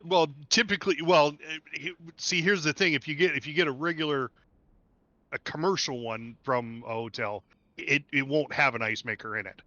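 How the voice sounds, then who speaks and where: A man hosting a casual gaming livestream, talkative and quick to laugh as he explains things at length. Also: fairly high pitch, bright, forceful tone, no echo, muffled recording. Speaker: livestream host. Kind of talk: casual gaming stream chat.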